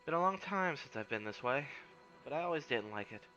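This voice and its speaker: Figure: Kalisha, a wandering guide woman voiced by a man. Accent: Irish-leaning. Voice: bright. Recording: dull lo-fi. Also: medium pitch, lively intonation, a little fast, pitched above the performer's own voice. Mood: wry. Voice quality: put-on accent drifting toward Irish. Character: weathered female wilderness guide, wry and restless.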